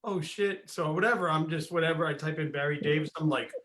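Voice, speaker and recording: A man's voice: a little high, fast, a little hiss or hum. A man from the United States hosting a wrestling podcast, telling stories casually, swearing and laughing as he acts out what people said. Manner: animated storyteller, swears, laughs, acts out voices in anecdotes. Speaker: podcast host. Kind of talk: casual chat.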